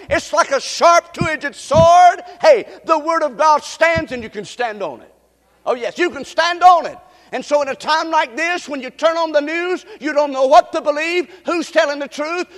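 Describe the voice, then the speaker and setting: A man with a strikingly high voice preaches with emphatic, repetitive phrasing that climbs into shouts. His voice rings out through a large hall with a long, lingering reverb. He delivers a sermon from a church sanctuary. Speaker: pastor.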